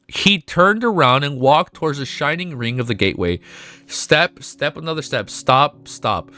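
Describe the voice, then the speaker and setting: Excitable man reading a novel aloud. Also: mid-range voice. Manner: emotional, swears often, gushes in excited outbursts. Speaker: streamer reading a web novel. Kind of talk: reading aloud with live reactions.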